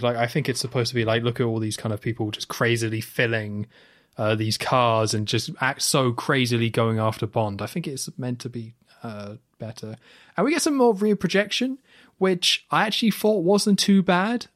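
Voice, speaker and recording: A man co-hosting a film podcast in casual chat, animated and rambling, with lots of "like"s. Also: medium pitch, moderate pace. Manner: animated, talks in long run-on stretches with many "like"s. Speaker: podcast co-host.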